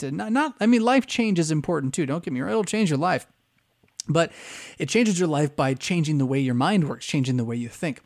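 A man's voice: a little high, darkish tone. A pastor giving a conversational teaching lecture, often checking in with his listeners by asking "right?".

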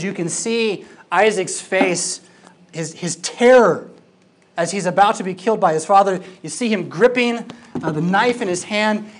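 A Bible teacher giving a classroom lecture, emphatic and lively, with informal asides. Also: mid-range voice. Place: classroom with a projected screen.

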